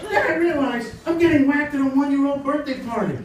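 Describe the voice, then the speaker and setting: Stand-up comic, male, high voice, lively storyteller, echoey club mic from a distance. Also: fast talker, few pauses, heavy background noise. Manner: animated storytelling, acts out dialogue. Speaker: stand-up comedian. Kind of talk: stand-up comedy set. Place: comedy club. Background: audience laughter.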